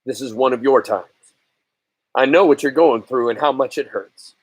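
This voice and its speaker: A man voicing a serious father in a story reading, quiet and measured. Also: medium pitch, husky, no echo, close to an everyday voice. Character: steady, serious rural father.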